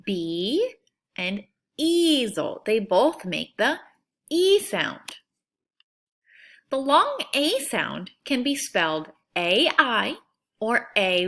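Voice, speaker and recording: Slow, lively-voiced woman teaching phonics. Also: mid-range voice. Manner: slow, stretched-out sounding of words. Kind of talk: phonics lesson for young children.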